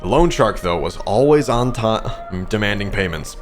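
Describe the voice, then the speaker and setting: A man's voice: on the low side, animated, moderate pace, soft background music, close to an everyday voice. A man voicing a smug, scornful male sea creature, reading game dialogue aloud in a mocking, condescending way. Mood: storytelling.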